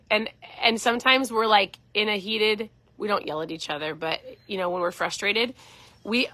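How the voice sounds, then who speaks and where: A woman's voice: mid-range voice, sharp tone, no room sound. A woman in her forties, a keto coach, chatting earnestly on a casual live stream.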